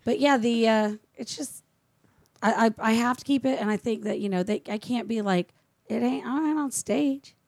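A woman's voice: a little high, steady tone, moderate pace, darkish tone, dry recording. A woman comedian guest in a casual podcast chat, telling brash, profane stories and acting out voices.

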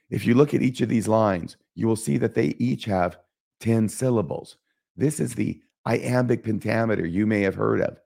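A man hosting an educational podcast on Shakespeare, speaking in a measured way and reciting quoted lines slowly and solemnly. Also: lowish voice, creaky, darkish tone. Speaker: podcast host teaching Shakespeare. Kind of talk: scripted educational podcast narration.

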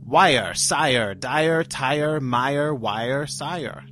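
A man's voice: medium pitch, drawn-out words, fairly bright tone, soft background music. A man co-hosting a silly comedy podcast, playfully trading nonsense phrases and groaning in mock frustration. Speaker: podcast co-host.

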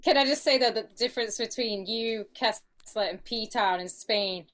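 A woman's voice: on the high side, normal speed, a bit bright. A woman co-hosting a casual podcast, chiming in with teasing asides. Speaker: podcast co-host. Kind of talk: casual chat.

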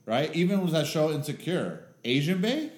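A man co-hosting a podcast in casual chat, animated and casually sweary. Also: fairly high pitch, normal speed. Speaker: podcast co-host. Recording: echoey room.

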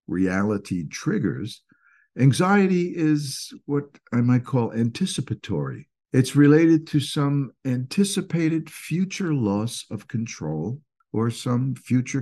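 A man with a Northeastern US accent giving an informal lecture, explaining ideas in a lively way and acting out short everyday scenes. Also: medium pitch, breathy edge. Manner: animated, acts out little quoted scenes. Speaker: speaker explaining stress and anxiety.

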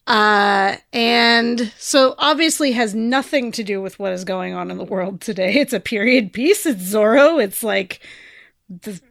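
Woman, podcast co-host, casual rambling chat, lots of ums, gravelly fry, dry close sound. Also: medium pitch, unhurried, fairly bright tone, no echo. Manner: rambling, many fillers and trailing-off phrases.

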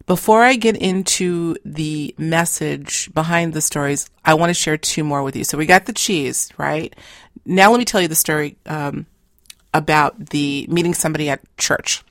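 Low, dry-sounding middle-aged woman storyteller, chatty and lively with her anecdotes. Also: moderate pace, dry recording. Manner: chatty, animated storyteller who acts out quoted lines. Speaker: speaker telling anecdotes. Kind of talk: casual storytelling talk.

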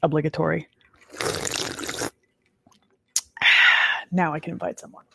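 Fast, excitable woman podcast host. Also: deep voice, creaky, breathy edge. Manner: fast, excitable, laughs often. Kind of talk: casual live-stream chat.

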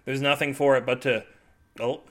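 A man narrating an absurd comic story in a deadpan way, with wry asides to listeners. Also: medium pitch, moderate pace.

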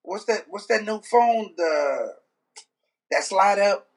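A husky, high-pitched man speaking. He tells funny stories in a loose, laughing way and slips into voices of the people in them. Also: slow pace. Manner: animated storyteller, laughs often, mimics voices. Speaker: gospel singer. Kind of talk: casual storytelling chat.

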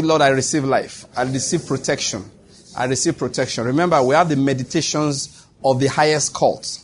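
A pastor with a medium-pitched, slightly rough voice preaches a sermon in a church where the congregation answers back. He makes emphatic, repeated declarations, breaking into bursts of laughter.

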